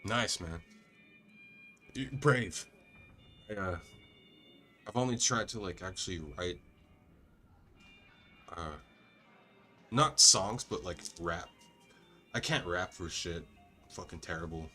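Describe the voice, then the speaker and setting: A man's voice: low-pitched, slow pace, long pauses, pushed and bright, faint music behind. A young man casually commentating a video game, laid-back, swearing and laughing a lot. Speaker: gaming streamer. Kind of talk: casual let's-play commentary.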